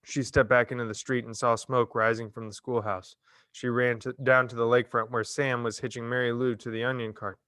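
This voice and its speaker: A man reading a novel chapter aloud in a measured, expressive storytelling manner. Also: medium pitch, dry recording, studio quality. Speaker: reader. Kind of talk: audiobook narration.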